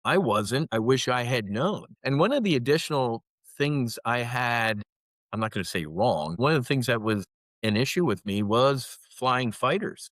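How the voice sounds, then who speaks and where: A man's voice: mid-range voice, animated, normal speed, a bit bright, no room sound. A man in his fifties, a former fighter pilot, talking candidly and intensely in an interview, often restarting and then pushing words out with emphasis. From United States. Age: 50s. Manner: earnest, intense, with frequent restarts and emphatic rises.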